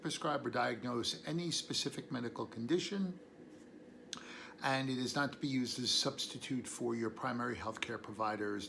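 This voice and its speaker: A man's voice: medium pitch, creaky, fairly bright tone, slight background noise. A man hosting a casual educational talk on herbal medicine, rambling into tangents and chuckling between thoughts. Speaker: herbalist host.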